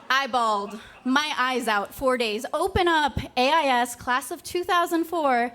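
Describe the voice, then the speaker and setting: Woman in her twenties, stage storyteller; high-pitched, wry, punchy comic delivery. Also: a bit bright.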